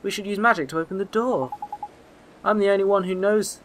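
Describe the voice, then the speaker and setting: A man's voice: sits high, a little fast, a little hiss or hum, voice pushed up, close to an everyday voice. A man doing a timid, earnest young boy. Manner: hesitant, earnest, stammering. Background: game music.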